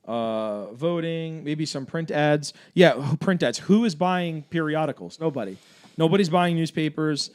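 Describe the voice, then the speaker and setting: A man hosts a casual livestream, answering viewer comments one after another. His voice sits a little high for a man. He talks with energy and likes to argue, packing his points with fillers and quick asides. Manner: energetic, argumentative, fast-talking with fillers. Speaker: livestream host for a gun rights group.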